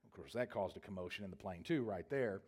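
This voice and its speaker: A man's voice: sits low, lively intonation, quick pace, a little mellow, breathy edge. A man preaching a sermon as a pastor, telling a long, humorous travel story in a rambling, self-correcting way.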